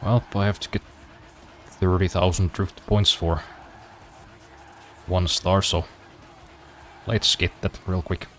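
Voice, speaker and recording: A man's voice: deep voice, level tone, slow pace, long pauses, slight background noise. A man streaming a racing game, chatting casually with dry, self-deprecating humor and casual swearing. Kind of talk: casual gameplay commentary.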